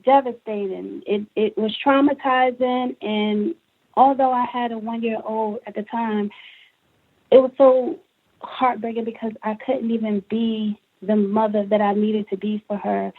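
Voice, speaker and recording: A woman's voice: fairly high pitch, a little slow. A woman from Brooklyn, New York, a guest author on a talk show, telling her story with feeling and acting out what people said to her. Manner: animated, emotional storytelling with acted-out quotes. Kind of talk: interview on a call-in talk show. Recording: tinny phone line.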